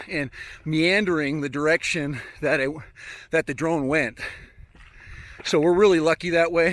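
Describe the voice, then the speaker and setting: A man's voice: on the high side, a bit bright. A man narrating a casual outdoor vlog while hiking through open country, chatty and rambling and often chuckling. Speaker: drone hobbyist vlogger.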